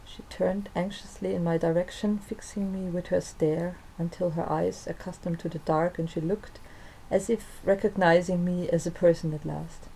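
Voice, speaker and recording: A woman reads her own first-person story in a calm, soft-spoken manner. Her voice is mellow and sits a little low. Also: moderate pace, gravelly, hardly any pauses, slight background noise, rough recording. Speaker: narrator and author.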